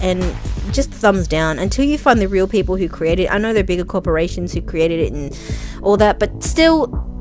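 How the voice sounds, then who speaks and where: A woman chatting casually as a vlogger, rambling from thought to thought with plenty of ums and chuckles. Her voice sits at a mid pitch, with faint music behind her. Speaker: vlogger reacting to video listings.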